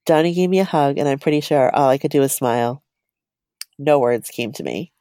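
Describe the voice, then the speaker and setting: A woman's voice: rumbling low, brisk, mellow, no echo. A woman co-hosting a podcast, reading a personal story aloud in a chatty, giggly way.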